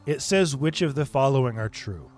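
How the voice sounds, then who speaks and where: A man co-hosting a live gaming show, chatting casually in an upbeat, lively way. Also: mid-range voice, moderate pace, soft background music. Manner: lively, upbeat, animated delivery. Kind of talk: casual live-stream chat.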